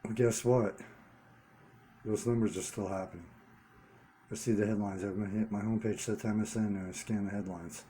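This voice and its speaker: A man with a somewhat deep, soft and mellow voice speaks off the cuff to his audience. He is earnest and a bit halting, circling back to repeat the words he wants to stress. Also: fairly even intonation, a little hiss or hum. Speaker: vlogger running a one-person channel. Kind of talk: unscripted commentary monologue.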